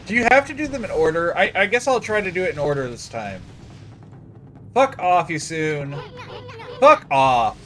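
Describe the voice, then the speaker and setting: A man streaming a video game, frustrated, talking casually to himself as he plays, swinging from low muttering to sudden loud outbursts. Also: big pitch swings, fast talker, few pauses, soft background music. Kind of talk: casual gameplay commentary.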